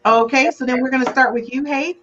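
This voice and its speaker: A woman hosting a casual podcast game, briskly moving her guests along. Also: sits high, steady tone, a bit bright, muffled recording, a little hiss or hum. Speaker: podcast host. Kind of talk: casual chat, game host.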